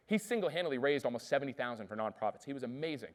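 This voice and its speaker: A man giving an energetic keynote speech, telling stories and asking the audience questions. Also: medium pitch, racing, hardly any pauses. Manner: lively, asks the audience questions. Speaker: keynote speaker.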